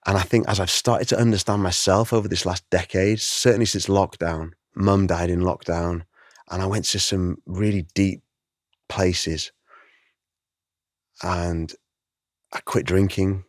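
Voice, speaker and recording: A middle-aged man, a guest artist, telling his story in an interview, animated and emotional, acting out the voices he quotes. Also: sits low, unhurried, no room sound, clean studio sound.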